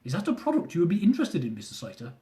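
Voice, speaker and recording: Brief: male reader as an Indian-accented male official, polite, formal, pitched up, lively. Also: rapid-fire, reverberant. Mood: dry. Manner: formal, repeats the listener's title.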